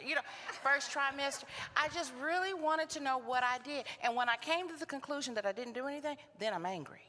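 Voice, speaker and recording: A Texan woman giving a keynote talk at a conference. She tells her story with animation and acts out each exchange of dialogue. Her fairly high voice carries a long reverb from the hall. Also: fairly quick, pushed and bright. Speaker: keynote speaker.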